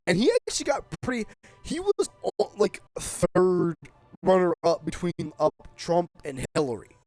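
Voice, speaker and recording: A man streaming a game, ranting in a heated, profane way and often shouting. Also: sits high, wildly swooping pitch, measured pace, no echo, faint music behind. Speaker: gaming streamer. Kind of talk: casual rant while streaming a game.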